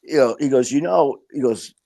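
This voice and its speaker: This middle-aged man speaks at an ordinary, mid-range pitch. He talks in a candid, rambling way, swears freely and acts out what people said to him as he tells his stories. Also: moderate pace, creaky, mellow. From Detroit, Michigan. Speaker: podcast guest. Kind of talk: casual interview talk.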